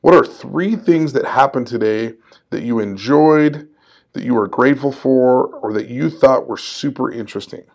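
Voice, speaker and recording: A man's voice: medium pitch, moderate pace, a little mellow. A man in his forties hosting a solo podcast, talking in an upbeat, conversational and encouraging way and laughing at himself now and then. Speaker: podcast host.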